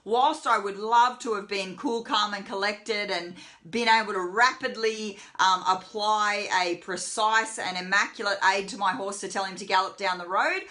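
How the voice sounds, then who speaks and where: Bright-voiced woman teaching horsemanship. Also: medium pitch, steady tone, moderate pace, hardly any pauses. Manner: chatty, many fillers, voices the horse's thoughts. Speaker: horsemanship trainer. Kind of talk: live web lesson, casual teaching.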